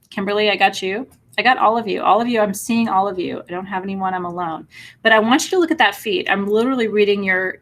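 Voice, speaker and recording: A woman hosting a spiritual live stream, talking warmly and emotionally to viewers, calling out their names and reassuring them. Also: medium pitch. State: teary at moments. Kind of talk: live-stream chat reading viewer comments.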